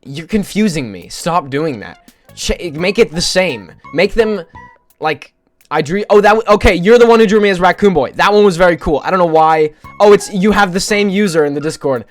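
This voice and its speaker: A man's voice: sits high, lively intonation, normal speed, soft background music. Rambling, joking male streamer. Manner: rambling, joking, profane, self-mocking. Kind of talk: casual live-stream chat with viewers.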